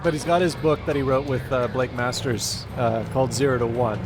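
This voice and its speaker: A man's voice: mid-range voice, steady tone, brisk. Rambling male streamer over game music. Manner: rambling, hesitant, many fillers and restarts. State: mouth full of food. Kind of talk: casual live-stream chat.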